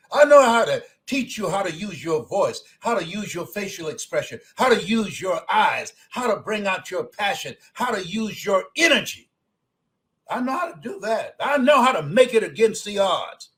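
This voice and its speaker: A motivational speaker in his seventies, with a strikingly high voice, hammers his points through repeated phrases. He drops low and soft, then climbs to emphatic shouts, on a rough recording.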